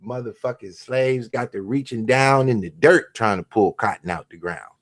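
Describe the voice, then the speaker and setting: On his own show, a host launches into a crude, mocking, profane monologue, swinging between shouts and mutters. He talks at normal speed in a medium-pitched voice, with hardly any pauses.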